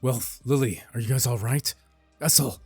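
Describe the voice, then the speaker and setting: A man voicing a young male adventurer who shouts urgently in a storybook fight. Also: medium pitch, moderate pace, roomy sound, soft background music, lightly acted. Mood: anxious.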